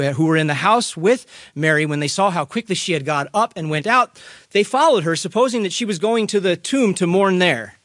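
A man reading a gospel passage and preaching a sermon, slow and deliberate, dropping to hushed phrases and rising to emphatic ones. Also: fairly high pitch, dry recording, clean studio sound. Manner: slow, deliberate delivery with dramatic swings between hushed and raised phrases. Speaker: pastor.

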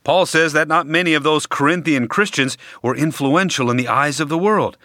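Male preacher, sermon delivery, bright and forceful tone, slows down for emphasis, dry close sound. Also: fairly high pitch, no echo. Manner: deliberate, emphatic delivery with dramatic pauses.

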